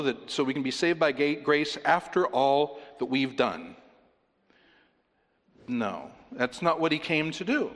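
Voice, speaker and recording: A man preaching a sermon, emphatic and repetitive, often dropping to a quiet, intense delivery. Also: fairly high pitch, long reverb tail. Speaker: pastor.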